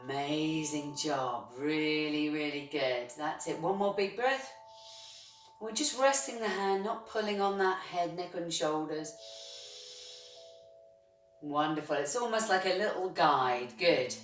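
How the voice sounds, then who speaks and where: A woman teaching a chair yoga class, guiding each breath and stretch with soft, steady encouragement. Her voice sits a little low. She sounds set back from the mic in an echoing room. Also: slow, soft background music. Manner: gentle, encouraging, frequent praise. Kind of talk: guided movement class. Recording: roomy sound from a distance.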